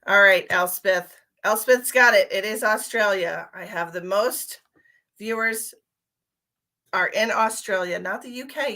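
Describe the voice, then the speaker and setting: A woman's voice: medium pitch, measured pace, sharp tone. A woman who works as a psychic medium, chatting casually with viewers on her live stream. She is playful, laughs often and calls people sweetheart and honey.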